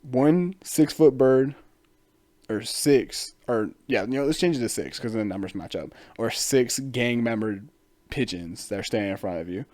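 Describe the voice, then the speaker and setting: A man's voice: mid-range voice, moderate pace, a little mellow, no room sound. A man hosting a casual solo podcast, rambling, swearing freely and laughing often. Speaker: podcast host.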